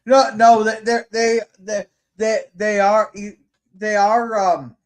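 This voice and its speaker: A man's voice: high voice, flat delivery, slow pace. Indignant swearing podcast host, a man. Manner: indignant, swearing, stammering restarts. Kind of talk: heated casual political chat.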